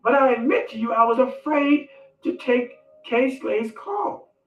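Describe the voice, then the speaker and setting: A man vlogging, telling a comic personal story with dramatic swings between loud outbursts and hushed asides. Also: extremely high pitch, measured pace, highs cut off. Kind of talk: animated storytelling monologue. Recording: echoey room, distant mic, faint music.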